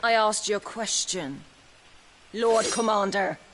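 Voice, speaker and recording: An actress playing a cruel, scheming woman commander in a video game, speaking slowly in a taunting, teasing way. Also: mid-range voice, a bit bright. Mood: interrogating. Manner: slow, taunting, teasing delivery.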